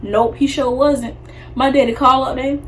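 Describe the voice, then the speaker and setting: A woman's voice: high-pitched, fairly even intonation, moderate pace, slight background noise. A young woman telling a story on her vlog in a casual, chatty way, acting out the people she quotes. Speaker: vlogger.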